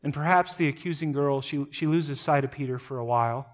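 A man preaching a sermon, retelling a scripture story dramatically, moving between loud emphatic passages and quiet low asides, often repeating words as he goes. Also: a little fast. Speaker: pastor.

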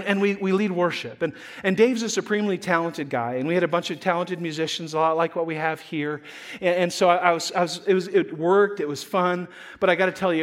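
A pastor delivers a relaxed sermon in a notably high voice for a man. He tells stories like he is chatting with friends and pokes fun at himself along the way. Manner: conversational storytelling, self-deprecating humor.

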